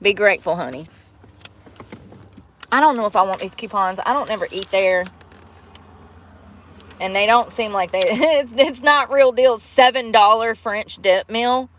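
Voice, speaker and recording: A woman's voice: medium pitch, measured pace, long pauses, fairly bright tone, a little hiss or hum. Blunt, laughing woman livestreaming from a truck. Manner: blunt, swearing, laughs often, answers chat. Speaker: livestream host. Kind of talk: casual livestream chat. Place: in a vehicle.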